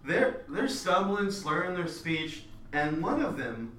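A man running a tabletop game as dungeon master, narrating with lively, laughing energy. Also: a little high, takes it slowly, reverberant, distant mic, a little hiss or hum.

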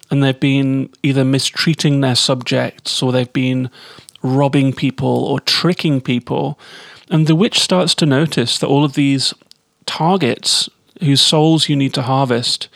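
A man's voice: mid-range voice, creaky, a bit bright, dry recording, clean studio sound. A man giving a chatty, enthusiastic spoken game review.

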